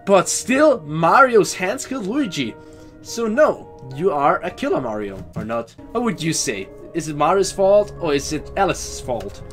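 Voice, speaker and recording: A young man commentates a horror game as a let's play host, reading lines aloud and reacting loudly when scared. His pitch swings widely from muttered asides to excited yells. Faint music plays underneath. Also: a little slow. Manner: animated, shouts and swears when scared. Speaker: gaming YouTuber.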